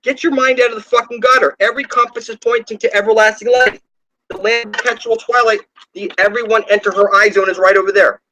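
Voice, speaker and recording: A man's voice: high-pitched, steady tone, quick pace, background noise. A man at home delivering a rambling, profane spiritual rant, scornful and preachy, often trailing off and restarting his sentences. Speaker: online video ranter.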